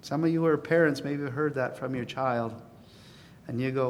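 A man preaching a sermon as pastor, earnest, swelling to emphatic peaks and then dropping to a softer, confiding tone. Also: mid-range voice, quick pace, long reverb tail, a little hiss or hum.

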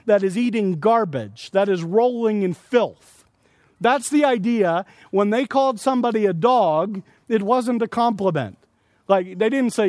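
A man's voice: extremely high pitch, normal speed, a little mellow, dry recording. A man preaching a sermon at a conference, earnestly explaining scripture with everyday examples. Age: adult with young children. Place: conference session.

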